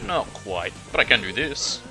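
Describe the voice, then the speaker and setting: A man's voice: on the low side, expressive, moderate pace, over music. A man streaming a game, making casual joking commentary and talking back to the game.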